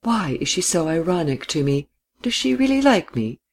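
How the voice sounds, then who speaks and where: A reader voicing a reserved young man from a storybook. He speaks quietly and tersely, with a dry, ironic edge. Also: medium pitch, big pitch swings, moderate pace, voice pushed up.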